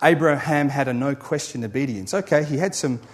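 A man preaching a sermon, building emphatic lists and then dropping to a quiet, low close. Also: a little fast. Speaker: pastor.

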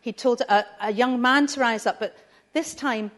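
A woman's voice: on the high side, normal speed. A woman leading a family church talk, chatty and asking the listeners questions. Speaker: preacher.

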